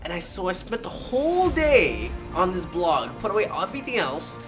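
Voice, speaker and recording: A man telling a personal freelancing story in a casual, animated vlog style, slangy and dramatic in the retelling. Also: high-pitched, moderate pace, faint music behind. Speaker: freelance marketing creator.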